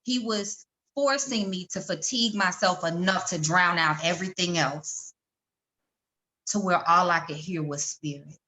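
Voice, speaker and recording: A middle-aged woman, a guest in a conversation, telling a personal story in an animated way and acting out the voices of the people she quotes. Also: on the low side, measured pace.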